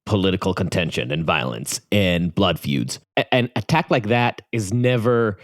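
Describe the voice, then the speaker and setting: In clean, roomless studio audio, an Israeli-accented man co-hosts a casual podcast chat. He sounds thoughtful and hesitant, restarting frequently, with a low-sitting, animated voice at normal speed.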